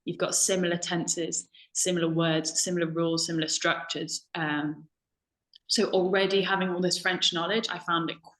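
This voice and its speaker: A woman's voice: on the low side, little pitch movement, normal speed, fairly bright tone, roomy sound, low-quality recording. A young woman from the United Kingdom, a language assistant, chatting casually on a video call with many ums and self-corrections. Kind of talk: casual webinar chat.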